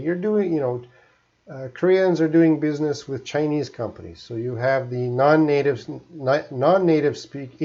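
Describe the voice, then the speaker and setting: A middle-aged Canadian man with a Canadian English accent, teaching English on a live stream in a relaxed, explanatory way. His voice sits in an ordinary middle pitch. The audio is a bit dull and lo-fi. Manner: chatty and explanatory, often answering viewers' questions.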